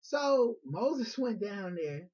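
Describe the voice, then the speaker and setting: A man's voice: high-pitched, big pitch swings, extremely slow, a little mellow. A man retelling a Bible story in a casual, rambling, conversational way. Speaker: Bible teacher. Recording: dull lo-fi recording.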